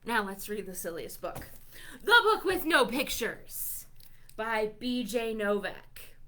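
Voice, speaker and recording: A woman's voice: fairly high pitch, sing-song, takes it slowly, pushed and bright, a little hiss or hum. A woman librarian reading a silly book aloud to young children, playful, with mock-indignant reactions to the text. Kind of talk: children's storytime read-aloud.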